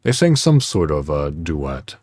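A man's voice: extremely low pitch, sing-song, unhurried, darkish tone, no room sound. A man hosting a casual solo podcast, talking in a rambling, heartfelt way with many fillers and restarts. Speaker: podcast host.

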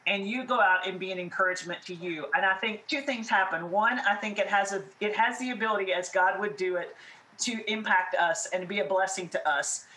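A woman from the American South co-hosting a faith podcast, chatting in an animated, encouraging way and laughing easily. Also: mid-range voice, reverberant, poor audio. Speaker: podcast co-host. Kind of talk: casual faith chat.

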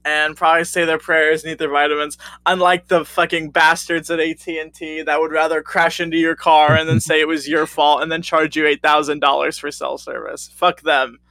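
A man's voice: on the high side, flat delivery, a little fast, few pauses, bright, forceful tone, no room sound. A young man co-hosting a podcast, telling a rambling, profane story in casual chat while tired from no sleep. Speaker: podcast co-host.

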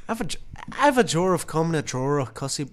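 A man's voice: on the high side, fast, slight background noise. A man doing a rambling, absurd impression of a male pundit professor on a comedy podcast. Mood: rambling rant. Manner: rambling, absurd, deadpan storytelling.

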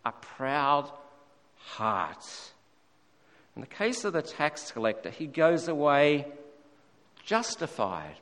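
A man preaching a sermon in a church, slow and emphatic, repeating key words. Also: on the high side, sing-song, a bit bright. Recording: echoey hall reverb.

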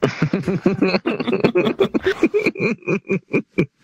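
A man's voice: high voice, huge pitch swings, drawn-out words, vocal fry. A young man chatting on a podcast, stoned, telling rambling profane stories and laughing. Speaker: podcast host. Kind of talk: casual chat, storytelling.

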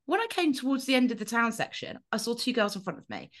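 A woman co-hosting a podcast, telling a story in an animated, sweary, casual way. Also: a little high, quick pace. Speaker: podcast co-host. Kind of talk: casual chat.

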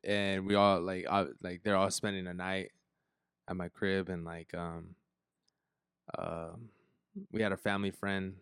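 A man's voice: sits low, flat delivery, a little slow, long pauses, fairly bright tone, clean tone, dry recording, studio quality. A young man hosting a podcast, telling a childhood story in casual chat, with a lot of slang and swearing. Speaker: podcast host.

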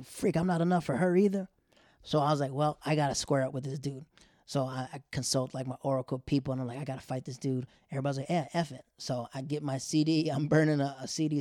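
Young guy telling a story all animated, kinda high voice, dry. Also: no room sound. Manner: animated, laughing, slangy asides. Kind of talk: casual storytelling.

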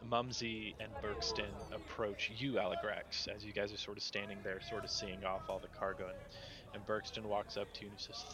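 A man narrating a tabletop game as game master, in a relaxed, rambling way. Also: fairly low pitch, fairly quick, a crowd in the background.

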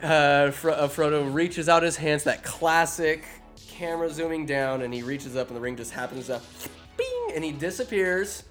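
A man recapping a fantasy film in casual, sarcastic commentary, animated and quick to put on voices for the characters. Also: on the high side, soft background music. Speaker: movie recapper. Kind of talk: casual comedic movie recap. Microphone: phone or desk mic, recording alone.

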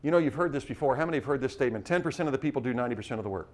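A man preaching to a missionary class, urging his listeners with rapid rhetorical questions and frequent restarts. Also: medium pitch, lively intonation. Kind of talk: sermon-style teaching.

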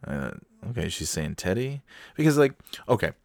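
A man telling a family story in a casual, animated way, with laughs and quick restarts. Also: lowish voice, creaky, no echo.

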